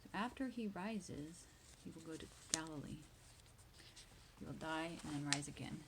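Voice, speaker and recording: Soft-voiced woman teaching English. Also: low-pitched, animated, normal speed, noisy background. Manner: reads a verse then retells it in simple words. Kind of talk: slow Bible reading lesson for learners.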